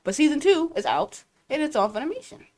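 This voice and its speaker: A woman's voice: sits high, sing-song, fairly quick, darkish tone. Chatty young woman from Ohio. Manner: chatty, giggly storytelling. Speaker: co-host. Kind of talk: casual chat. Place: library.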